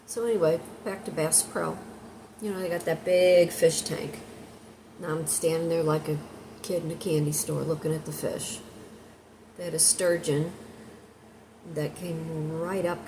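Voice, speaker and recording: A woman with a somewhat low voice chats her way through a meandering story, one tangent leading to the next. Clear noise hangs under the recording the whole time. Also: steady tone, a little slow, pauses often. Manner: rambling, chatty storyteller. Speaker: content creator. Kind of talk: casual storytelling vlog. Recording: noisy background hiss.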